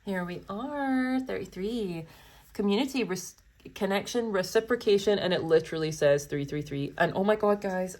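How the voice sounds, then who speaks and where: A woman's voice: fairly low pitch, a little fast, darkish tone. Chatty giggly woman reading tarot. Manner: chatty and giggly, breaks off into asides. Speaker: tarot reader. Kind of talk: pick-a-card tarot reading, reading card text aloud.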